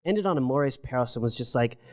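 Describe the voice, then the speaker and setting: Man, middle-aged, podcast guest, casual, heavy swearing, emphatic, quick bursts, mid pitch. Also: animated. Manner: profane, emphatic, fast bursts, says bro a lot. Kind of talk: casual conversation.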